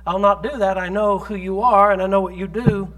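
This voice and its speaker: A cautious young boy, voiced by a preaching man, turns down a request in a quiet, firm voice. The tone stays light and high. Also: fairly even intonation, fairly quick, rough recording.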